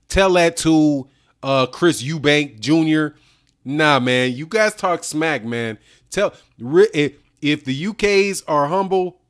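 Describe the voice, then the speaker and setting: A man's voice: a little high, a bit bright. A man hosting a boxing livestream, chatting casually with his viewers in slang, laughing often and calling people "dog" and "man". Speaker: boxing channel host. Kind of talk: casual livestream chat reading super chats.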